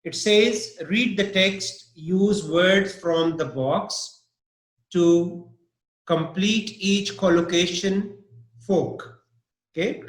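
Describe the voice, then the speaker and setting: Male English teacher, slow and halting, slightly high voice, echoey room. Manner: slow, halting, many fillers and "okay?" checks. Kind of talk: live pronunciation lesson.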